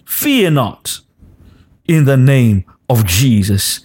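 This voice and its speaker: A man preaches in a slow, deliberate cadence, repeating short commands again and again. His pitch sits in an ordinary middle range and often lifts into a half-sung chant. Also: sing-song, darkish tone, husky. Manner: repetitive exhortation, rising into sung cadence; speaks in tongues between exhortations. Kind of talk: sermon.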